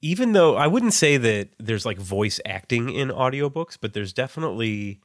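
A man's voice: medium pitch, sing-song, normal speed, no room sound, studio quality. A man co-hosting a writing podcast, chatting casually with lots of "like" fillers. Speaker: podcast co-host.

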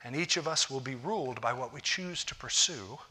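Bright-voiced man preaching a sermon. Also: mid-range voice, moderate pace, slightly rough. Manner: conversational preaching with repeated restarts. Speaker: pastor.

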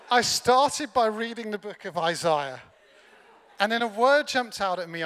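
High, bright-voiced preacher. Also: male voice. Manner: humorous, self-deprecating storytelling. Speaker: pastor. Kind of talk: sermon. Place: large church hall. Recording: long hall reverb from a church.

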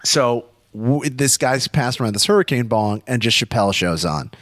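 A young man telling a story in casual chat, animated, swearing often and acting out quotes. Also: mid-range voice, moderate pace, dry recording, clean studio sound.

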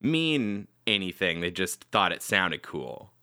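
A man's voice: sits low, big pitch swings, takes it slowly, sharp tone, clear, resonant tone, no room sound, clean studio sound. A man co-hosting a casual podcast chat, joking and laughing often, with hedges and restarts. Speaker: podcast co-host.

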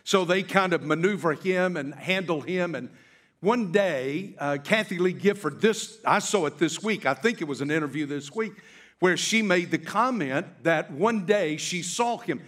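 Preacher man retelling a story slowly. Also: high-pitched, a bit bright. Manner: storytelling, stretches key words slowly for emphasis. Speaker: pastor. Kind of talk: sermon.

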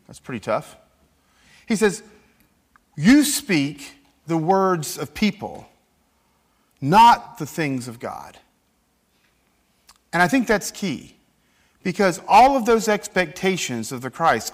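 Man, pastor, lively sermon, high voice, swooping pitch, acts out quotes. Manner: animated, acts out scripture quotes.

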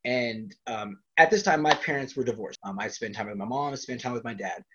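A man appears as a wrestler guest in an interview, spinning rambling, casual stories and laughing often between them. His mid-range voice runs a little fast, with background noise on a dull lo-fi recording.

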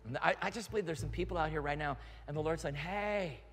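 An older man preaches with earnest fervor, moving between teaching, storytelling and prayer. His voice sits fairly high and rings through a large hall with a long tail of reverb. Quiet guitar plays underneath. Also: very fast. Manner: earnest, fervent, speaks in prayer. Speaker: pastor. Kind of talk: sermon with prayer. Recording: live hall reverb with music.

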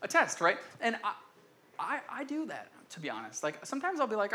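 This young pastor's voice is high, pushed, and bright, swinging hugely in pitch at a fairly quick pace. In his casual sermon he often acts out quoted voices and restarts his sentences.

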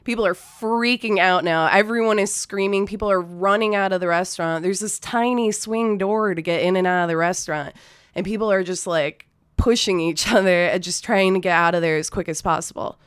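A woman's voice: mid-range voice, fairly quick, clean tone, no echo, clean studio sound. A woman telling a personal story from her restaurant job in a loose, profane, casual way, full of fillers like "you know" and "like". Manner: loose and profane, many fillers, nervous laughs. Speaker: storyteller, former restaurant server. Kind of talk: casual spoken anecdote.

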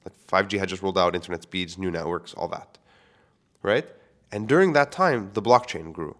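Thirtysomething guy rambling solo on his podcast, kinda low voice, swears a lot, very candid. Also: animated, normal speed, fairly bright tone. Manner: candid, self-questioning, swears casually. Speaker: podcast host.

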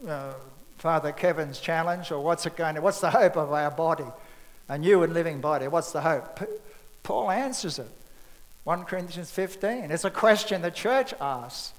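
A man's voice: on the high side, long reverb tail, poor audio. A man preaching a sermon in a loose, conversational way, acting out bits of scripture dialogue.

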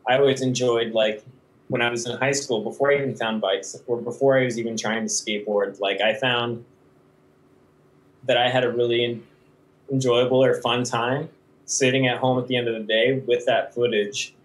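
A man's voice: medium pitch, steady tone, normal speed, poor audio. A man chatting casually about making videos, rambling with frequent restarts and laughs. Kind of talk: casual conversation.

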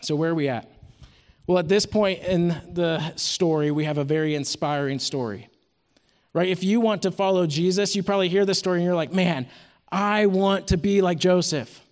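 Man, 30s, preaching. High, earnest, storytelling voice with long hall reverb. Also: a little fast, darkish tone. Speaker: retreat speaker teaching scripture. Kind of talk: sermon.

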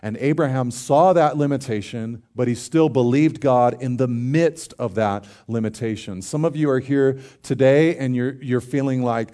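A man's voice: mid-range voice, moderate pace, few pauses, mellow. A man preaching a sermon as a pastor. He speaks in an earnest, conversational way, tells stories with humor and acted-out dialogue, and builds to emphatic declarations.

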